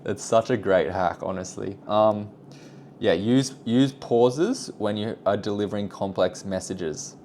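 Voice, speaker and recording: A young man with a low, deep voice chats casually on a vlog about speaking better. He rambles, restarts and drifts into self-deprecating asides, with faint room noise behind him. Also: unhurried, a little mellow. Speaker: vlogger.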